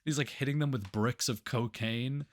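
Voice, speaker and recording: Man, podcast co-host, casual movie chat, rambling, filler-heavy, profane, mid pitch. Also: normal speed. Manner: rambling, fills every phrase with "like", swears freely.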